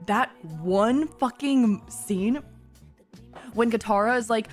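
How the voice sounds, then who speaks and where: A woman streamer chatting casually while reacting to a show, gushing, giggly and excitable, with frequent swearing. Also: on the high side, slow pace, faint music behind.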